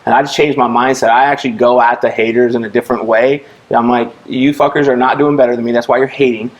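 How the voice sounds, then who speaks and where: A man hosting a casual podcast chat, relaxed and swearing freely. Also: mid-range voice, fast, rough recording. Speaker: podcast host.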